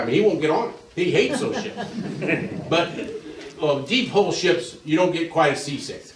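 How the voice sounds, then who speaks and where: A man's voice: a little high, brisk. An older man gives a rambling, folksy slide talk to a group in a museum, repeating himself as he goes. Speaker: museum speaker giving a talk. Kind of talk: informal slide lecture to a group. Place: museum hall with an audience. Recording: echoey room, voice from a distance.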